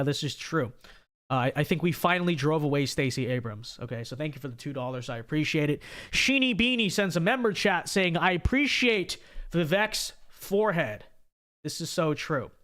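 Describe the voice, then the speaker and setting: A man with a high voice talks straight into a streaming mic, reading viewer messages aloud and riffing on the news. He restarts his sentences often and keeps tossing in "okay?" to his audience. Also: a bit bright. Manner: casual, repetitive restarts and frequent "okay?". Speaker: political commentary host. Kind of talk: livestream commentary reading super chats.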